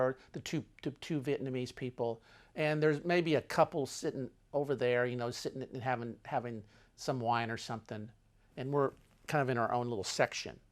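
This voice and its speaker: An older man with a somewhat high voice tells a travel story, his delivery dramatic and animated, swinging between loud and hushed.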